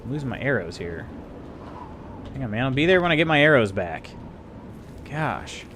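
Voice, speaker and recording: A male gaming streamer gives casual live commentary at a mid pitch. He thinks aloud and chats to his viewers as he plays. Faint background noise sits under his voice. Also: sing-song, moderate pace, fairly bright tone.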